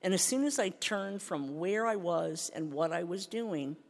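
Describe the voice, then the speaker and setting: Candid older woman, gravelly, in a hall. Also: fairly low pitch, expressive, measured pace. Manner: candid, self-mocking, swings from hushed to loud. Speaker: speaker sharing recovery story. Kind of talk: personal testimony. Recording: hall reverb.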